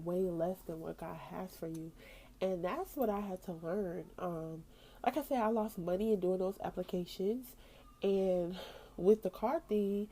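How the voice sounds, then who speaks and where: A woman's voice: lowish voice, mellow, slight background noise. A young woman hosting a faith podcast, talking casually and acting out her own past thoughts as she tells the story. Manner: casual, slangy, with frequent "like" and laughs. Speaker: podcast host.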